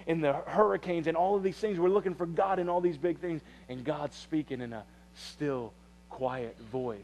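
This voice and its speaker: A man preaching a sermon in a conversational way, often repeating phrases and restarting, and dropping to a hush for quiet passages. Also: a little high, a little hiss or hum. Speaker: pastor.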